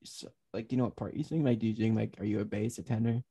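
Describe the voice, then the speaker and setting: A man co-hosting a podcast in casual chat, with a baritone voice, playful and full of questions. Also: steady tone, racing, mellow, husky. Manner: chatty, playful, asks many questions. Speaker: podcast co-host.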